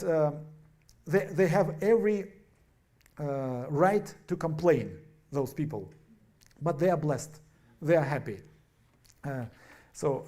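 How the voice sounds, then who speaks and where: Halting preacher, mellow tone. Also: male voice, on the high side. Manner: halting, restarts words, many fillers. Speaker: pastor. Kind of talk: sermon. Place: church.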